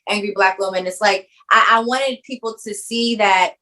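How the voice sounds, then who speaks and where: A woman's voice: mid-range voice, moderate pace, pushed and bright, rough recording. Thoughtful woman filmmaker in interview. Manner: thoughtful, searching for words, frequent restarts. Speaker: film writer-director, guest. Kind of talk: reflective interview answers.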